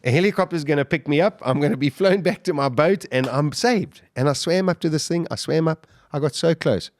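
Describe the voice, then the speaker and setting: A man, a podcast guest, telling his own survival story in the first person, animated, with restarts and sudden bursts of emphasis. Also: fairly high pitch, fairly quick, no echo, studio quality.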